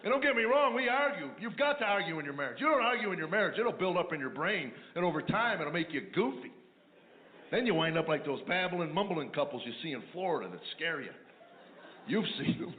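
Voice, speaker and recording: A man's voice: sits high, reverberant. A man doing a stand-up routine, telling wry, sarcastic stories about married life. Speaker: stand-up comedian. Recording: tinny phone-like line with noise.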